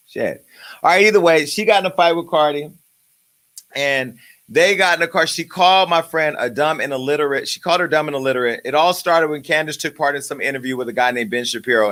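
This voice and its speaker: With a sharp tone in a mid-range voice, this celebrity gossip host delivers crude, brash rants packed with insults, all in a profane comedic style.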